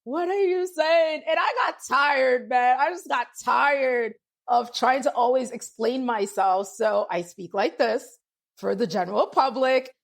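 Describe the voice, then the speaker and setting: A woman in her forties from Antigua, with a lightly Antiguan accent softened toward American speech, telling stories in a casual podcast conversation. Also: on the high side, a little slow, vocal fry. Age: 40s. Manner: animated storyteller, quotes people in lively voices. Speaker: guest, lawyer and author.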